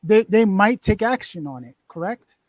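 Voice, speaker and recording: A man's voice: high voice, lively intonation, normal speed, no echo. A man in a casual discussion, raising counterpoints and questions.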